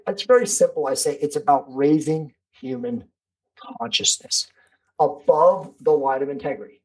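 A man's voice: fairly high pitch, normal speed, breathy edge, poor audio. A man talking as a podcast guest, emphatic and preachy, swearing freely and calling the host bro and dude. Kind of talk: casual podcast conversation.

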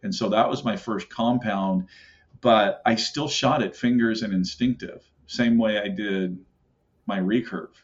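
A man's voice: lowish voice, fairly even intonation, a little slow. A middle-aged man telling hunting stories in a casual, rambling way, with many fillers and acted-out quotes. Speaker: podcast guest, elk call maker. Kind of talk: casual storytelling. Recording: muffled lo-fi audio.

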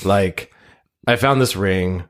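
A man's voice: sits low, slow, a bit bright, pitched below the performer's own voice. A man doing a washed-up, boozy ex-eco-hero, sheepish. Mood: rambling. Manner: sheepish, rambling. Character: washed-up drunk middle-aged male ex-eco-hero. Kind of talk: improv comedy role-play.

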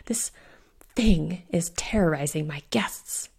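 A man's voice: fairly high pitch, slow, vocal fry, a little mellow, husky, full character voice. A woman reading the part of a fussy male innkeeper who thinks he is haunted, snapping and pleading. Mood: panicked.

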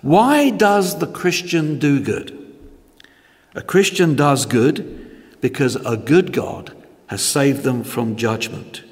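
A man preaching a sermon in church, measured and emphatic, posing rhetorical questions to his congregation. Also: mid-range voice, lively intonation, big-room sound.

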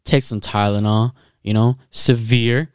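A man's voice: on the low side, unhurried, clear, resonant tone, no echo, studio quality. Young man telling a profane story. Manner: profane, animated storytelling with acted-out quotes. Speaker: storyteller in a casual podcast chat. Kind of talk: casual chat.

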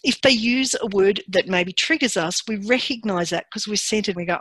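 A woman giving a workshop presentation in a calm, measured and encouraging way. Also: medium pitch, husky, dry recording.

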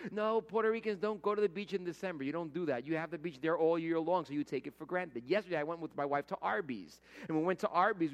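A middle-aged man preaching a conversational sermon as pastor, telling everyday stories and acting out the voices he quotes. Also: a little high. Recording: long hall reverb.

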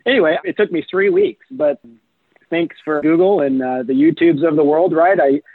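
A man's voice: fairly high pitch, moderate pace, no echo. Chatty man on a tinny phone line. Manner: chatty, animated, many fillers like "you know" and "right". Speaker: guest, real estate investor. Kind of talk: casual interview storytelling.

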